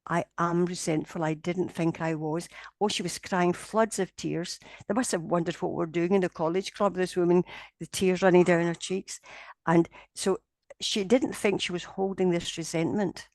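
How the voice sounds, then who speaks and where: A woman's voice: fairly low pitch, moderate pace, dry recording. A woman, telling a long story in an interview and acting out the people in it. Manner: animated storyteller, voicing the people in her tale. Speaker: interviewee, paranormal investigator.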